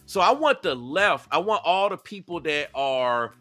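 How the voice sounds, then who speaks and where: Guy talking to his chat about clips, high bright voice, animated and repeating himself, faint music under it. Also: measured pace. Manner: animated, repetitive, asks the audience. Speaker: commentator reacting to clips. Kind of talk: casual reaction commentary.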